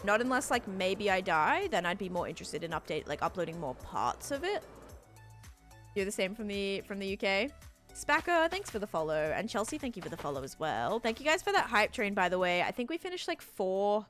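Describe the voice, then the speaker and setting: A woman's voice: medium pitch, very animated, fairly quick, a bit bright, soft background music. A woman from Sydney with an Australian accent, chatting casually with viewers during a game stream and answering chat in a rambling way.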